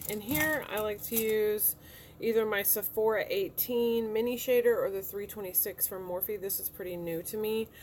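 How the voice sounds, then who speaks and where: A woman's voice: mid-range voice, a little mellow, a little hiss or hum. A woman in her thirties, chatting casually as she talks through each step of a makeup look in a room at home. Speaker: beauty vlogger. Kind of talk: casual makeup tutorial talk.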